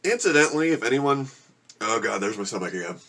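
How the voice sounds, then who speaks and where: A man's voice: mid-range voice, animated, fast, fairly bright tone. A man vlogging at home, groaning and complaining as he suffers through a very spicy meal. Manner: groaning and complaining while eating spicy food. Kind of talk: casual vlog to camera. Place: home room with a gecko habitat.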